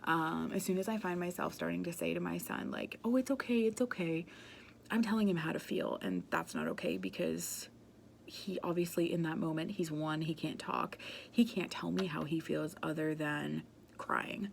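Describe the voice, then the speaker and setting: A woman's voice: sits low, normal speed, vocal fry, slight background noise. A woman giving an earnest, passionate talk about emotional wellbeing, speaking conversationally with frequent "um" and "like" fillers.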